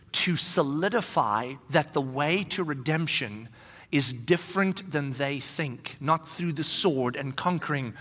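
A male pastor preaching a conversational sermon in an animated way, acting out the voices he quotes. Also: fairly high pitch, long reverb tail.

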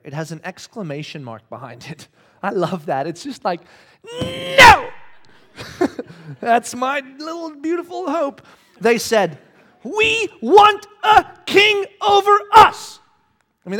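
A man preaching a sermon, reading scripture and shouting acted-out quotes with animated energy. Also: high-pitched. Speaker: pastor.

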